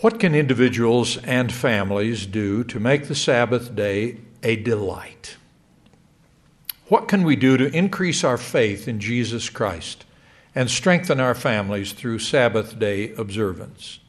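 A middle-aged man delivering a sermon to a congregation in a measured, emphatic way. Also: medium pitch. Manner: measured, lively rising emphasis. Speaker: church speaker.

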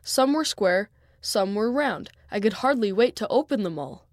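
A woman reading a children's story aloud in first person, with a clear, even storytelling manner. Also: medium pitch, normal speed, dry recording, studio quality. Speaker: storybook reader.

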